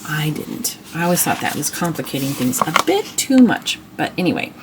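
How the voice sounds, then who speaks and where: A woman's voice: low voice, very animated, normal speed, very noisy. A middle-aged woman hosting a homeschool channel, chatting casually and admiringly as she shows old reading books, with restarts and asides. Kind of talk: casual show-and-tell book review.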